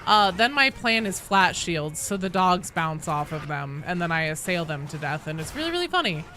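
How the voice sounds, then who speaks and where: A woman streamer chats through a co-op game with her friends in a bright, lively voice that swoops up and down constantly. She jokes and laughs along and breaks into yelling when a fight heats up. A faint hum of noise sits under her voice. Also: lowish voice, normal speed. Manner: animated, joking, swears and laughs often; yells in bursts during fights. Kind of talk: casual live-stream chat while playing.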